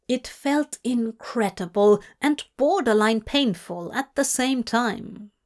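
A woman narrating a fan story in a slow, measured reading voice. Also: on the high side, lively intonation. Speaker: audiobook reader. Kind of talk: scripted narration.

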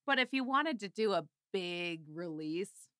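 A woman co-hosting a fan podcast, excitable and laughing often in casual chat. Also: lowish voice, measured pace, clean tone, no echo, studio quality. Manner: excitable, laughs often, lively ups and downs. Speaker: podcast co-host.

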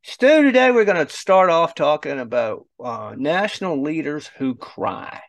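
Male host with a gravelly voice and a lively, up-and-down delivery. Blunt and mocking. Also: a little high, a little slow, no room sound. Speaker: show host. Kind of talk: opinionated commentary.

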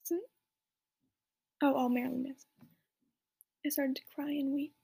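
A young woman reading a story aloud in a soft, mocking whisper with asides, as whispered role-play. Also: high voice, level tone, normal speed, vocal fry. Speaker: reader.

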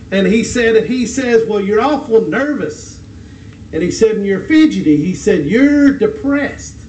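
A man giving a conversational sermon to a congregation, halting often with hesitations as he tells a story. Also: high voice, a little mellow, a little hiss or hum. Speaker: preacher. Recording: roomy echo, distant mic.

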